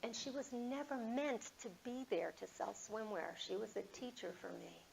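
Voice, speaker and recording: A woman in her fifties, a motivational speaker telling a personal story in a conversational, animated way. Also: mid-range voice, moderate pace, creaky, slight background noise, low-quality recording. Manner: conversational, animated, acts out dialogue.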